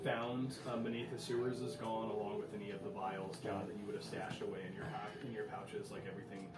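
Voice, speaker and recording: A man's voice: on the low side, level tone, over loud music. Stammering game master man, distant roomy mic. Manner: halting, stammering delivery. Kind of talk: narrating a tabletop game.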